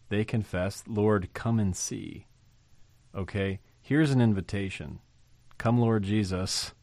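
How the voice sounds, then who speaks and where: Man, preacher, sermon, rhetorical questions, lowish voice, dry close sound. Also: no room sound. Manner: animated, rhetorical questions, swings between loud and soft.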